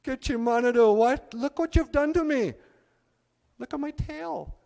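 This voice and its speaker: A man's voice: medium pitch, very animated, moderate pace, a little mellow, long reverb tail, close to an everyday voice. A man voicing a vain, boastful male beaver who whines and brags about his tail, recorded on a stage. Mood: wailing. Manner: bragging, whiny.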